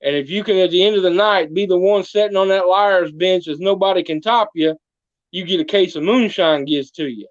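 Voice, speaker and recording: Man, folksy tall-tale teller, high voice, muffled lo-fi sound. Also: brisk, dry recording. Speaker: guest playing a small-town mayor character. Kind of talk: comic storytelling in a podcast interview.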